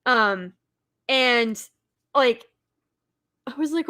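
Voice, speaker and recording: Casting note: woman, bright and fairly high, chatty movie-fan host with lots of fillers. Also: unhurried. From Texas. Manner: chatty, enthusiastic, many fillers and restarts. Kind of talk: casual movie commentary.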